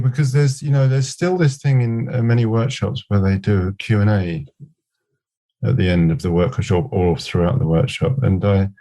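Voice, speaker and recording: A middle-aged scrum master appears as a guest on a podcast, his voice low and warm. In this conversational interview he reflects and tells anecdotes, quoting back-and-forth exchanges.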